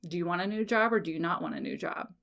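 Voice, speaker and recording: A woman's voice: on the low side, rapid-fire, vocal fry, fairly bright tone. A woman hosting a solo podcast, talking frankly and casually, swearing freely and often checking in with "okay?". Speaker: podcast host.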